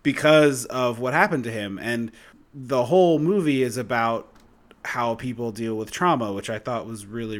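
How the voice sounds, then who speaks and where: A man co-hosting a podcast in casual chat, who gets fired up and swears loudly. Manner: swears and rants loudly, pitch jumping when worked up. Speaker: podcast co-host.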